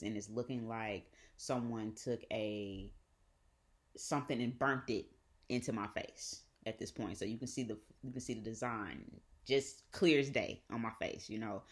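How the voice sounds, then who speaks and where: A woman with a Southern US accent, hosting a podcast and telling a personal story in a profane, animated way with repeated phrases. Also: rumbling low. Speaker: podcast host. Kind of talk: casual storytelling.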